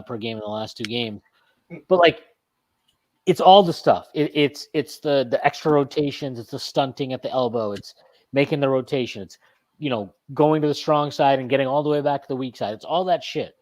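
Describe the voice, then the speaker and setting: This is a man who hosts a casual postgame sports show. He rants with heat and swears freely, often restarting and repeating phrases. His voice sits at an ordinary middle pitch. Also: a little fast. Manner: heated profane ranting, emphatic. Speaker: sports podcast host.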